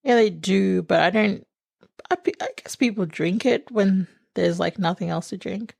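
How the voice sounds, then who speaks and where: Gravelly-voiced Australian woman, cheeky. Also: medium pitch, moderate pace, a little mellow, no room sound. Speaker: podcast co-host. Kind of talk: casual podcast banter.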